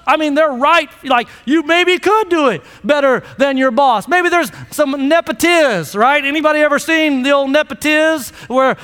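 In a church sanctuary, a man preaches a sermon in a bright, high voice, using an emphatic call-and-response style as pastor. Long reverb from the big hall fills the recording.

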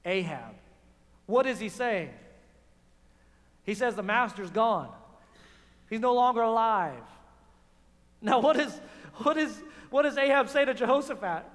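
A man preaching a sermon in a sarcastic, quick manner, often repeating words, in a church. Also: very high-pitched, lively intonation, a bit bright. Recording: long hall reverb.

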